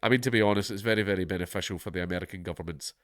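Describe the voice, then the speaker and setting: A man's voice: low-pitched, rapid-fire, a bit bright, no echo, clean studio sound. A Scottish man with a blocked-up head cold, hosting his channel and reading a news article aloud while breaking off into sardonic, sweary asides. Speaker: commentary channel host.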